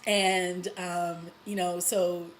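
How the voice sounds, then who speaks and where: A woman vlogger recapping a TV episode in a casual, excited way, with lots of "you know" and little laughs. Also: fairly low pitch, very slow, slight background noise, rough recording. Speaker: TV review vlogger.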